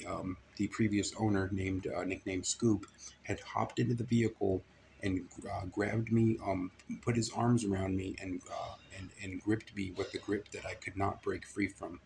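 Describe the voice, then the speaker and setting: Man, low gravelly voice, hesitant stop-start telling of an incident in stiff formal words. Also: slight background noise, rough recording. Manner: halting, full of fillers and restarts, stiff formal wording. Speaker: person giving a spoken account. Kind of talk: personal account of an incident.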